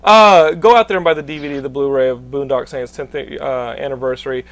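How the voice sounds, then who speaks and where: A young man hosting a podcast, loud and swearing a lot as he talks over his guests. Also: medium pitch, fairly even intonation, brisk. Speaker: podcast host. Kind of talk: loud casual podcast banter.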